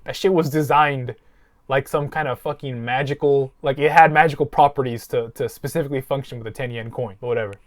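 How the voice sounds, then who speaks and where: A man's voice: medium pitch, steady tone, fairly quick. A man hosting a podcast, telling a long story in casual, profane chat. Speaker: podcast host.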